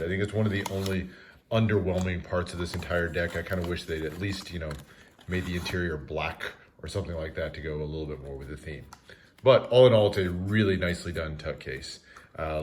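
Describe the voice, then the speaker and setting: Deep-voiced man reviewing a card deck. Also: a little hiss or hum. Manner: relaxed, methodical, frequent "uh" fillers. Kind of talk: casual product review narration.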